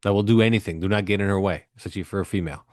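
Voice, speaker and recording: A man's voice: lowish voice, rapid-fire, darkish tone, no room sound, clean studio sound. A man co-hosting a podcast, telling a movie story in a loose, profane, rambling way with plenty of fillers. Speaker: podcast co-host. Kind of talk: casual chat.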